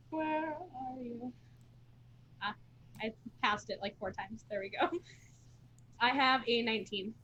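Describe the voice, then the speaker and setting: Woman, tabletop player, high voice, playful and laughing, faint hiss behind her. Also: slow, pauses often, a bit bright, dull audio. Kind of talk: casual tabletop play.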